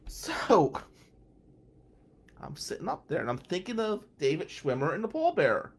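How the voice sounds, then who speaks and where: Animated man telling a story. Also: on the high side, normal speed, gravelly, pauses often, slight background noise. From New Jersey. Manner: animated, acts out the voices of people in his story. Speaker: podcast guest. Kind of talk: storytelling anecdote.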